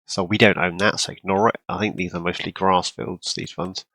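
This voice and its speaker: A man casually commenting on his farming game, rambling with lots of ums and throat-clearing, hiccuping and coughing now and then. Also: low voice, fairly even intonation, moderate pace, bright, forceful tone, no room sound. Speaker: farming game role-play channel host.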